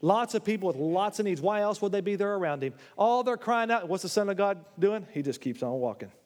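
A man preaching a sermon in a church, animated, swinging between loud, high exclamations and low, quiet asides. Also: fairly quick. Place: church sanctuary. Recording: long hall reverb.

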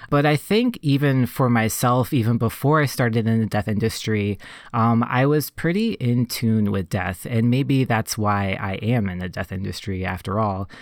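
A man in funeral service casually telling a personal story on a podcast, reflective and relaxed, full of "like" and "you know". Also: medium pitch, no echo, studio quality.

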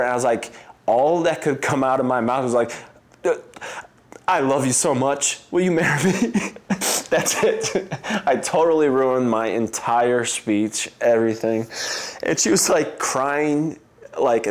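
An American man in his thirties, a guest in a casual interview, telling stories in a loose, chatty way and acting out other people's lines in a higher voice, with frequent laughs. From United States. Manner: animated storyteller who acts out quotes with a jump in pitch.

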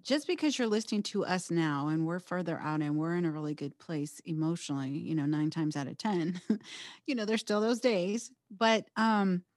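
A woman hosting a podcast, speaking emphatically and encouragingly, with animated quoted speech in her stories. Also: lowish voice, moderate pace, no echo, studio quality. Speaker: podcast host. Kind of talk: candid podcast conversation.

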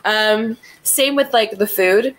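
A woman's voice: mid-range voice, normal speed, low-quality recording. Candid, laughing woman podcast co-host. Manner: candid, swears freely, laughs often. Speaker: podcast co-host reviewing a film. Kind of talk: casual chat.

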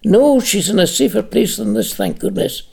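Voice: medium pitch, very animated, moderate pace, vocal fry, darkish tone, husky, voice pushed up, heavily acted. A reader voicing a grown son who is brusque, urgent and impatient, as an audiobook character. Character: adult son, urgent, curt and protective.

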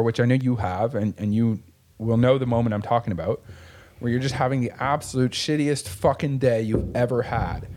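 A man's voice: mid-range voice, darkish tone. A man in casual chat, talking in a profane, impassioned, motivational way about growth through hard times. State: tearing up.

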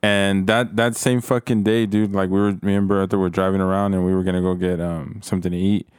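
A young man with a low voice spins a profane, rambling story among friends, often restarting his sentences. The sound is close and dry, with no room around him. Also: level tone, a little fast, a little mellow, smooth, dry recording. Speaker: storyteller in a group chat. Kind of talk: casual chat.

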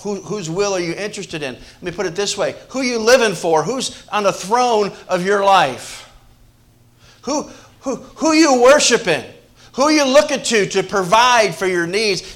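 A high-pitched pastor delivers a sermon to his congregation, swinging from loud emphasis to hushed asides. He often repeats words and starts phrases over.

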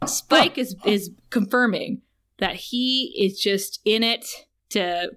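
A woman's voice: medium pitch, slow. A woman co-hosting a podcast, chatting casually and often laughing as she reads out dialogue. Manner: giggly, reads out dialogue with animated emphasis. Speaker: podcast co-host. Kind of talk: casual recap chat.

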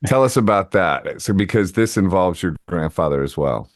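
A man's voice: deep voice, lively intonation, normal speed, no room sound, studio quality. A man hosting a casual interview, chatting with enthusiastic asides and digressions. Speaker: podcast host.

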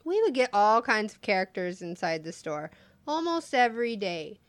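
A woman's voice: medium pitch, big pitch swings, moderate pace, no echo. A woman casually telling funny work stories, laughing often as she goes. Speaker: podcast co-host telling stories. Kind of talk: casual storytelling chat.

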